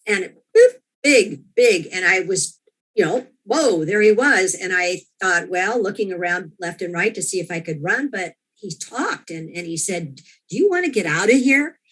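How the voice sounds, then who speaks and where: A woman's voice: lowish voice, lively intonation, a little slow, a bit bright, husky. A woman as an interview guest, earnestly recounting a personal experience, often restarting and quoting her own thoughts. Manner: earnest, with frequent restarts and quoted inner thoughts.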